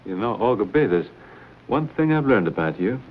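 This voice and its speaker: A wry frontier adventurer in a vintage TV western, plainspoken in a low-middle voice. The soundtrack is dull with faint hiss. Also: male voice, very animated, normal speed. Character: bold frontier adventurer hero, dry wit. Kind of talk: 1950s TV western drama.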